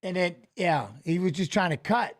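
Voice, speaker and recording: A middle-aged man in casual chat, telling a story with swearing and loud, exclaimed quotes. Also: sits high, normal speed. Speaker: fight analyst streaming a watch-along.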